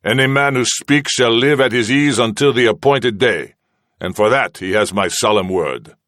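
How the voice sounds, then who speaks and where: A man's voice: mid-range voice, a bit bright, no room sound, studio quality, pitched above the performer's own voice, close to an everyday voice. A man doing a menacing sea captain. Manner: measured menace, slow cold threats. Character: cruel Spanish male captain, menacing and sarcastic.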